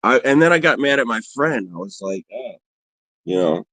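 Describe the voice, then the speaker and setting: A man's voice: medium pitch, very animated, fairly quick, pushed and bright, dry recording. A man hosting a livestream, telling rambling, profane, self-mocking stories and answering viewers in casual chat. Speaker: livestream host.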